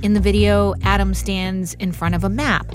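A woman hosting a radio show, narrating from a script and interviewing a guest in a measured, curious way. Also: mid-range voice, flat delivery, soft background music.

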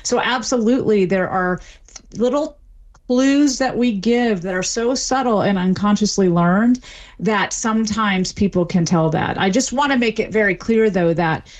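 A woman answering interview questions as an expert, explaining clearly and with examples. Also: medium pitch, normal speed. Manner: articulate, lively, explains with examples. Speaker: dialect expert guest.

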